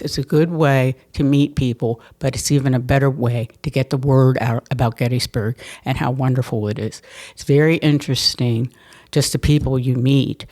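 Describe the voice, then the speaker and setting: An older woman, telling stories from her life as a mayor in a lively, laughing way, often repeating words as she restarts. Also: a bass voice. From Pennsylvania. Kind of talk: conversational storytelling interview.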